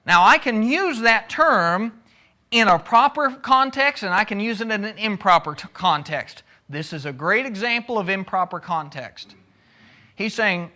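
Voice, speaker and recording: Male Bible teacher with a high, bright voice. Conversational, takes questions, acts out the people he quotes. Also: animated, measured pace.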